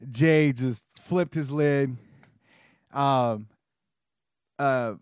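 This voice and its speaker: A man's voice: medium pitch, extremely slow, clean tone, no echo, clean studio sound. A man co-hosting a casual podcast chat who teases his partner playfully and laughs often. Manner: teasing, laughing, playful needling. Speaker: podcast co-host.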